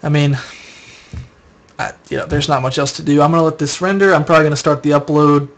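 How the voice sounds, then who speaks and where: A man's voice: on the high side, steady tone, fast talker. A tired young man streaming late at night, chatting casually and answering viewer questions as he rambles. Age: young adult. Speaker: live streamer answering chat.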